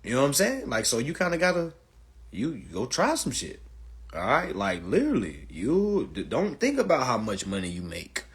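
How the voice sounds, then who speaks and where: A man's voice: mid-range voice, wildly swooping pitch, moderate pace, husky. A man telling a long profane story to an online audience, emphatic and repetitive, often saying "all right" and "y'all". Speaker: storyteller addressing a live audience.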